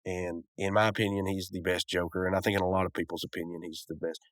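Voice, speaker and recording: A man's voice: sits low, little pitch movement, quick pace, no echo, studio quality. A man hosting a podcast, giving a rambling, casual recap and review of a cartoon episode, with lots of fillers and restarts. He sounds a bit sick.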